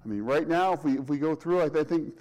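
A man's voice: fairly high pitch, expressive, quick pace, darkish tone, low-quality recording. A middle-aged man, a pastor, delivering a conversational sermon with frequent restarts and rhetorical questions.

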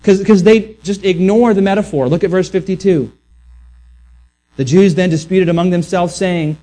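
A man's voice: high voice, moderate pace, dark tone. A man preaching a sermon earnestly, often restarting words and acting out the voices he quotes. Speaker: pastor.

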